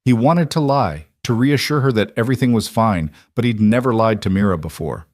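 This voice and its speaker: A man narrates a heartfelt story in an even, measured way. His voice sits fairly low. The sound is close and dry, with no room echo. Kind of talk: scripted narration.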